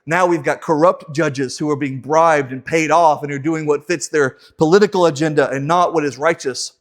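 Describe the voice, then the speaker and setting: A man's voice: fairly high pitch, steady tone, normal speed. A man teaching a casual Bible class in a church, joking and acting out the people he quotes. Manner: joking, acts out quoted voices.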